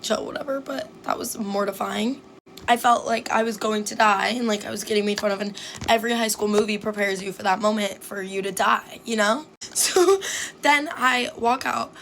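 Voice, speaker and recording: A young woman with a slightly high voice telling a personal story straight to her viewers. She is chatty and quick, full of "like," and acts out what everyone said, with faint room noise behind her. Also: a bit bright. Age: young adult. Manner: chatty, fast, heavy use of "like", acts out quotes. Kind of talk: casual storytime chat.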